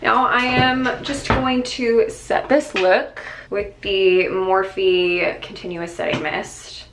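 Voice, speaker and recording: A woman's voice: mid-range voice, fairly even intonation, takes it slowly, noisy background. Woman, beauty vlogger, casual makeup tutorial, exclamatory, roomy echo. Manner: chatty and exclamatory, many fillers.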